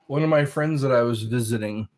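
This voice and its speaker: A medium-pitched American man with a darkish tone chats on a live stream after a little wine. Slow and rambling, he reads the viewers' comments aloud.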